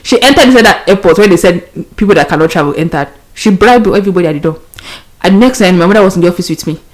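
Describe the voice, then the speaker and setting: A woman's voice: lowish voice, expressive, very fast. A young Nigerian woman hosting a podcast, telling a story casually and animatedly, laughing often and mixing in pidgin. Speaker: podcast host.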